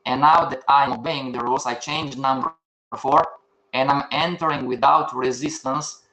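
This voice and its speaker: A man's voice: mid-range voice, fairly even intonation, moderate pace, pushed and bright. An older man teaching a live online class, firing questions at the students and answering them himself. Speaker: trading instructor. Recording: echoey room.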